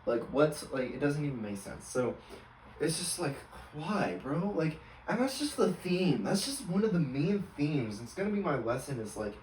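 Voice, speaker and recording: A man's voice: fairly high pitch, big pitch swings, moderate pace, a little mellow, reverberant, far from the mic, a little hiss or hum, poor audio. A man in his twenties, a college student, rambling through an exasperated story with lots of fillers. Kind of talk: casual storytelling rant.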